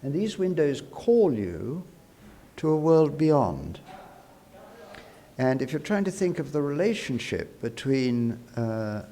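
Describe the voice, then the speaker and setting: A man giving a prepared speech into a microphone at a university congress, measured and reflective, with frequent "uh" fillers. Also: fairly high pitch, sing-song, warm tone. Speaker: award-winning speaker at an academic congress. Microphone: speaking into a podium microphone.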